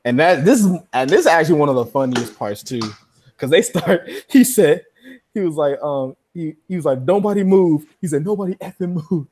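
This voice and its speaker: A man co-hosting a podcast in casual chat, retelling scenes excitedly with frequent laughter and slangy talk. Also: fairly high pitch, moderate pace. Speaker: podcast co-host.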